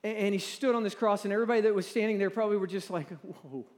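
A man in his forties preaching a sermon in a church, talking in a halting, conversational way with repeated words and drawing the audience to respond. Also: high-pitched, steady tone. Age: 40s. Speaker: pastor. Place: large church hall. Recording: long reverb in a large hall.

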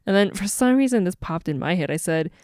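A woman's voice: lowish voice, lively intonation, a little fast, darkish tone, no room sound. A young woman co-hosting a podcast at home, telling a story in a casual chat with frequent giggles. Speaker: podcast co-host.

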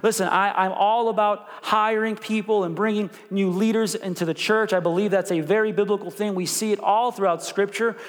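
A man preaching a sermon as pastor, animated, with call-and-response prompts to the congregation. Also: sits high, a little fast, few pauses, in a large hall. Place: church sanctuary.

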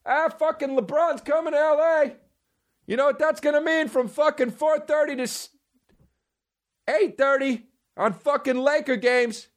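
A man's voice: extremely high pitch, steady tone, moderate pace, voice pushed up. A man putting on a grumpy middle-aged dad with a New York accent, griping profanely about traffic. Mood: fed-up.

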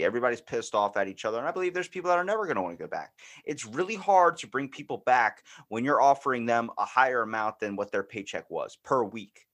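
Blunt swearing podcast host. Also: male voice, medium pitch, fairly bright tone. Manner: blunt, swears freely, acts out quoted exchanges. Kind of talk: casual chat.

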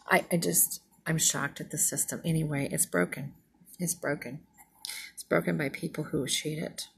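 A woman's voice: low voice, creaky, slight background noise. A middle-aged woman, a former nurse, venting indignantly in a casual monologue and retelling conversations. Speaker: retired nurse vlogger.

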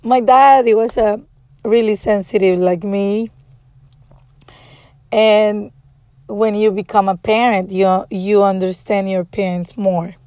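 Mom in her 30s, slow emotional storytelling, swears a lot, dry close sound. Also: medium pitch, steady tone, mellow, no echo. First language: Spanish. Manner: emotional, frank, swears freely. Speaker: mother. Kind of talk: casual personal storytelling.

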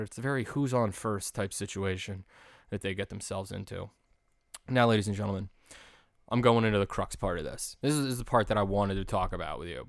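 A man in his late twenties hosting a podcast, casually recapping a holiday TV special as a chatty, animated storyteller. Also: lowish voice, no room sound, studio quality. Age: late 20s. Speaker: podcast host.

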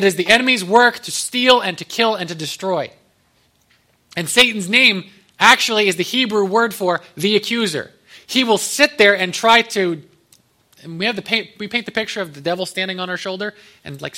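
High, bright-voiced man preaching. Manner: conversational, joking asides. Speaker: pastor. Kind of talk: sermon.

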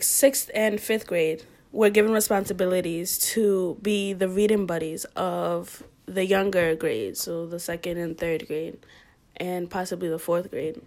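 A young woman telling a story in a casual, animated way, with lots of fillers and frequent laughter, sometimes dropping almost to a whisper. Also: mid-range voice.

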